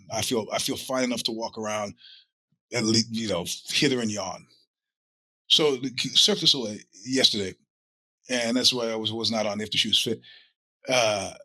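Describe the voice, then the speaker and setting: A man's voice: medium pitch, pushed and bright, dry recording. A middle-aged man with a cold, hosting his show in a rambling, profane monologue. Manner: rambling, profane storytelling with acted-out quotes. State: sick with a cold. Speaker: podcast host. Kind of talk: casual monologue.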